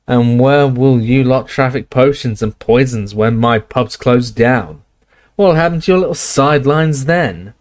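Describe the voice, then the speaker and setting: A man voicing a gruff, belligerent old barman who bellows and scoffs. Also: mid-range voice, unhurried, close to an everyday voice. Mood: defiant, roaring. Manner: bellowing, scornful, defiant.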